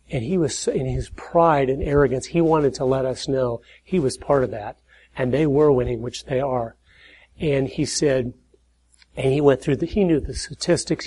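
A middle-aged man giving an earnest preaching talk, telling stories and building to emphatic points before dropping his voice low. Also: darkish tone, breathy edge, rough recording. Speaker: speaker at church and conservative conferences.

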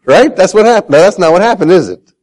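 A man's voice: sits high, fast, rough recording. A man preaching a sermon, telling Bible stories with self-deprecating humor and acting out the voices he quotes. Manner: animated, acts out quoted voices.

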